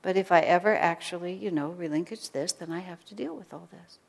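A woman giving an informal spiritual talk to a small group, gentle and conversational, sometimes dropping almost to a whisper. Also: lowish voice, fairly quick, gravelly. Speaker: spiritual teacher. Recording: long reverb of a hall.

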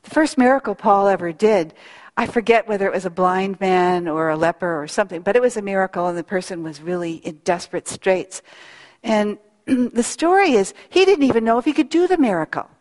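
A middle-aged woman giving an earnest, reflective devotional talk as a spiritual speaker, telling a story with long pauses. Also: medium pitch, animated, darkish tone. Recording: long hall reverb.

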